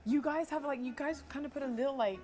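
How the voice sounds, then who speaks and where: A woman's voice: high voice, quick pace. A woman from England with a Kent accent, chatting and giggling as a guest on a cooking video. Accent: English, Kent. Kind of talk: casual chat while cooking.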